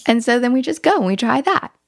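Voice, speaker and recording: A woman's voice: fairly high pitch, very animated, quick pace, gravelly, no room sound, studio quality. A woman giving parenting advice in a casual podcast conversation, telling stories with animation and acting out playful talk with children. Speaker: parenting guest expert.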